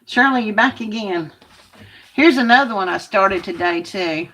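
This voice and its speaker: A woman's voice: mid-range voice, normal speed, fairly bright tone, a little hiss or hum. A woman hosting a casual craft video, chatting to viewers and muttering to herself as she works. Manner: chatty, talks to herself while working, grumbles.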